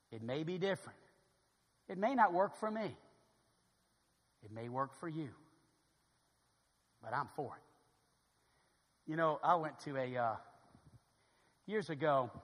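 A man preaching a sermon as pastor, moving from quiet storytelling to loud, fervent calls. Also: medium pitch, long reverb tail.

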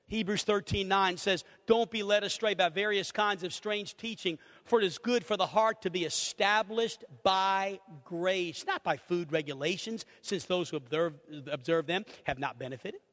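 A middle-aged man preaching a sermon, animated, acting out little conversations and swinging between loud and hushed. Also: sits high. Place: church sanctuary. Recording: reverberant hall.

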